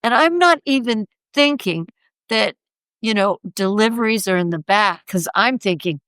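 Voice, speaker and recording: Lively woman sculptor telling a story. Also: normal speed, clear, resonant tone, no echo. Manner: animated, acts out quoted voices in a raised pitch. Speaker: sculptor, podcast guest. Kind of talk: anecdotal storytelling in conversation.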